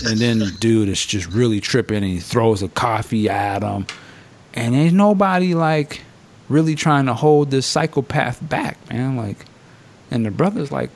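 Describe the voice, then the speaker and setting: A man hosting a podcast in casual, profane chat, with a middle-pitched voice. His pitch swings widely as he tells stories and acts out what people said, jumping high for quotes. He laughs often between lines. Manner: animated storytelling, acting out quotes in a raised voice. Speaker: podcast host.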